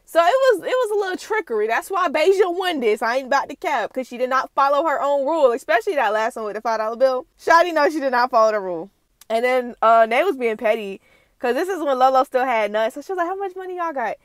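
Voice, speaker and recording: A woman's voice: high voice, expressive, fast, dry recording. A young woman hosting a casual reaction recap, chatty and slangy, laughing often. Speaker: reaction channel host.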